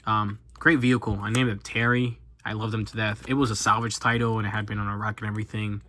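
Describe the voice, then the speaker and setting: A man's voice: fairly low pitch, flat delivery, fast talker, fairly bright tone, a little hiss or hum. A young man in his twenties chatting casually on his channel, rambling and self-deprecating with lots of fillers and restarts. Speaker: YouTuber. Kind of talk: casual chat while opening cards.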